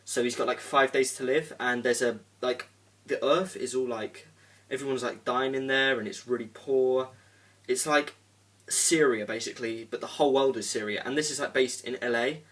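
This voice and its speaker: The voice sits at an ordinary middle pitch, and the mic is set a little back from him. A young man talks through a film review in a loose, rambling way, filling gaps with "um" and "like" and swearing now and then. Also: steady tone, moderate pace, fairly bright tone. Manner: rambling, full of "um" and "like", casual swearing. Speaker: movie reviewer. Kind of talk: casual spoken film review. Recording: voice a bit distant from the mic.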